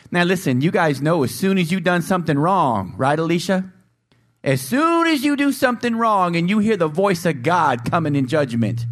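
A male preacher in full sermon, his voice pitched high and swinging widely as he speaks. He keeps putting questions to his listeners and slips into acted voices for the people in his story. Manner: animated, acts out voices and asks the congregation questions.

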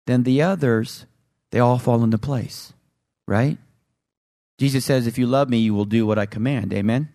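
A man's voice: medium pitch, normal speed, pauses often, dark tone, no room sound. Emphatic preaching man, dry close sound. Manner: emphatic, rising and falling preaching delivery. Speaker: pastor. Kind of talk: sermon.

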